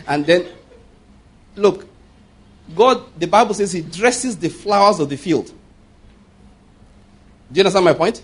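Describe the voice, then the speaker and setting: A man's voice: high-pitched, expressive, moderate pace, pauses often, slightly rough. A Nigerian man in his fifties preaching a sermon, emphatic and often asking the congregation whether they follow his point. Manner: emphatic, keeps checking the congregation understands. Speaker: pastor.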